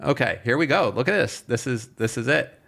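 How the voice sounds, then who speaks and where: A man's voice: medium pitch, expressive, fairly quick, vocal fry, noisy background. Man, podcast co-host, casual chat, rambling storyteller, lots of ums, swears freely. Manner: rambling storyteller, many fillers and profanity.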